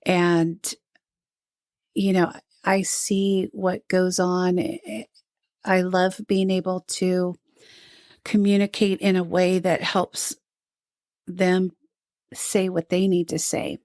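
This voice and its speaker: A woman's voice: on the low side, little pitch movement, takes it slowly, pauses often, a little mellow, no room sound, clean studio sound. An older woman, a retired nurse, talking earnestly in a podcast interview and telling stories from her work. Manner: earnest, storytelling, mimics moms she quotes. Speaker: guest, retired NICU nurse and lactation counselor.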